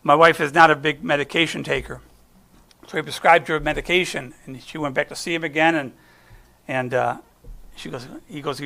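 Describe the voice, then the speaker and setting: Middle-aged american guy guest preaching, kinda high voice, chatty and rambly, lots of restarts. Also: steady tone, fairly quick, creaky, sharp tone. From United States. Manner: chatty and folksy, trailing off and restarting. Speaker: guest speaker. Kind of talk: conversational sermon with personal stories.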